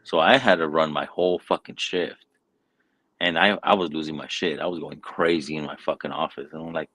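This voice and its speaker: Host type: low-voiced man, loose rambling delivery, swears in nearly every line, casual backyard chat. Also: fairly bright tone, no room sound, poor audio. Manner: profane, rambling storyteller. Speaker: podcast host.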